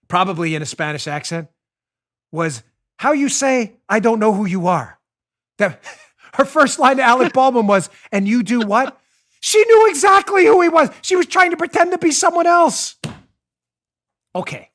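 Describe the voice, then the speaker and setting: A man hosting a political commentary show, talking in an animated, mocking, rant-like way into a studio microphone. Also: high voice. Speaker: show host.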